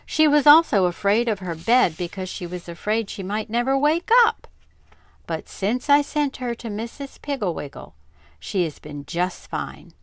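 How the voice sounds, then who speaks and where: A woman's voice: medium pitch, dry recording, pitched above the performer's own voice. An older woman voicing a confident, chatty mother friend who talks in a matter-of-fact way.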